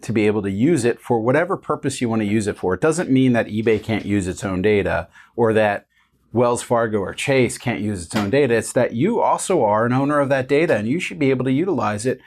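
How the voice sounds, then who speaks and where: A man in his forties, a founder talking as an interview guest, relaxed and earnest with many fillers. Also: mid-range voice, brisk. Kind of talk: casual interview conversation.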